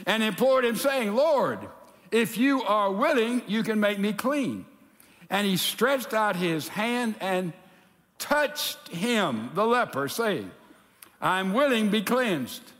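A pastor preaching a sermon in a lively, animated way, acting out the people in his story. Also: high-pitched, slow. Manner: animated preaching, acts out quotes. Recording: reverberant hall.

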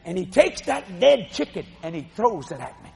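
A middle-aged man preaching a sermon, telling a story with animated, shouting delivery. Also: sits high, moderate pace, gravelly, big-room sound.

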